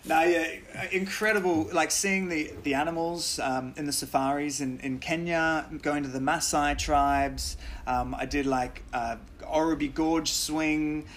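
An Australian man tells stories as a podcast guest, animated and loose with his language. His voice sits a little high for a man. Faint noise runs under the recording. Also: a little slow, few pauses. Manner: animated storytelling, swears freely, laughs often. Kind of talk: casual podcast chat.

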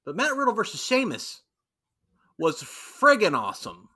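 A man's voice: high-pitched, wildly swooping pitch, moderate pace, sharp tone. A man co-hosting a casual chat, talking with emphatic enthusiasm. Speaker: podcast co-host.

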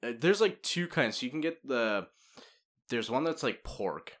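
A laid-back man on a podcast, talking casually with lots of "like" and easy swearing. His pitch moves around a lot as he talks. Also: expressive, moderate pace, fairly bright tone. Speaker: podcast co-host. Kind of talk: casual chat.

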